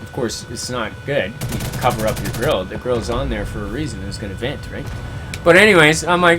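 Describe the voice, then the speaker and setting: A man's voice: mid-range voice, lively intonation, brisk, over music. A man hosting a gaming livestream, chatting casually and telling stories in a laid-back, chuckling way. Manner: laid-back, chuckling storyteller who slips into voices for quoted friends. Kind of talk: casual chat, storytelling between reading chat comments.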